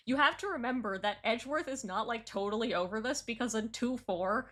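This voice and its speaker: A woman's voice: fairly high pitch, fairly quick, hardly any pauses. Chatty woman streamer reviewing submissions. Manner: chatty and excitable, frequent "like" and restarts. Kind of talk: casual live-stream commentary, reading lyrics aloud.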